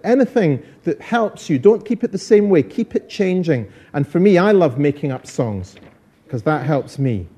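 Lively encouraging preacher, mellow voice. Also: male voice, fairly high pitch. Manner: lively, encouraging, repeats phrases for emphasis. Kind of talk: all-age church talk.

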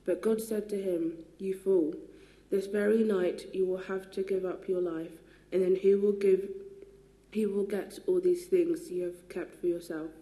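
A scripture reader in a church reads a Bible passage aloud with a very dark, mellow tone. The delivery is careful and measured, and the voice rings around an echoey room. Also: mid-range voice, fairly even intonation.

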